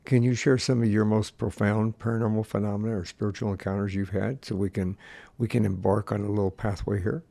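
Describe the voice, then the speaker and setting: A man hosting a podcast interview, relaxed and hesitant, often repeating words as he starts. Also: fairly low pitch, fairly quick, vocal fry, no echo. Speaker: podcast host. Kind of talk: casual interview chat.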